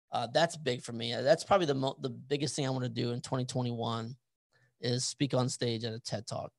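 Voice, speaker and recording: Gravelly man chatting casually. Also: mid-range voice, no room sound. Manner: rambling, repeats words, swears casually. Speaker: podcast host and author. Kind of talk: casual interview chat.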